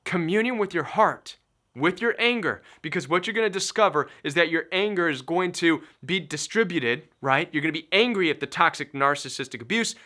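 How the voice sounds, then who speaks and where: Emphatic, bright-voiced man coaching listeners. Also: on the high side. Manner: emphatic, preachy, repeats key phrases. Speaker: recovery coach. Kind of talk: motivational self-help talk.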